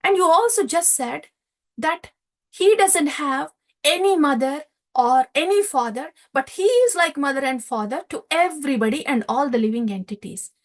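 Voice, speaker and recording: A woman voicing an older fatherly cowherd chief who fires off incredulous, pleading questions, her voice high and lively. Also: normal speed.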